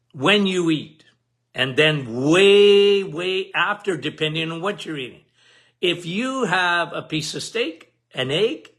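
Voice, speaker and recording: A man's voice: high voice, a bit bright. A man hosting a health podcast, explaining in an emphatic, repetitive way and asking the listener questions.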